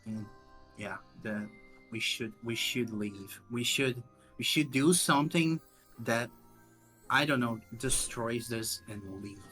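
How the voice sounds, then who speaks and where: A woman playing in a tabletop game, speaking in a halting, earnest way. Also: a bass voice, a bit bright, faint music behind, rough recording. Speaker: player.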